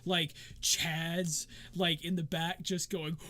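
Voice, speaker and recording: A man's voice: on the high side, level tone, takes it slowly, sharp tone. A man running a tabletop game as game master, narrating in a rambling way full of fillers.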